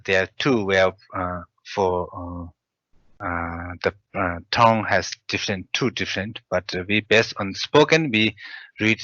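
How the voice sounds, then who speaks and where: A man teaching pronunciation, reading syllables aloud and pausing often with hesitant fillers. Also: on the low side, pushed and bright, no echo. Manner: hesitant, many pauses and fillers. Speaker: language teacher. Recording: dull, dry lo-fi recording.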